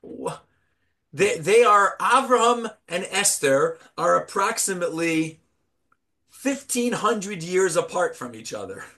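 A man giving a Torah class, telling a parable with animated storytelling and rhetorical questions. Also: sits high, takes it slowly. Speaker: rabbi teaching Torah.

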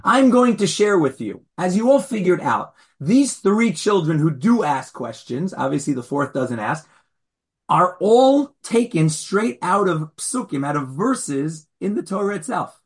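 A man's voice: high voice, big pitch swings, measured pace, slightly rough. A man teaching an online Torah class as rabbi, questioning his students in a challenging, Socratic way.

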